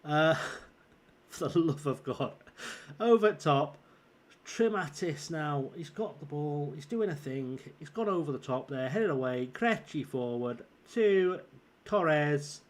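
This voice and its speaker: A slightly high-voiced man with a northern English accent, worn out and a bit scratchy from a sore throat. He rambles through live gameplay commentary, swears freely and teases his chat. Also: lively intonation, slow. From southern England. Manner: chatty, swearing, teasing viewers. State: tired with a sore throat forming. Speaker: streamer.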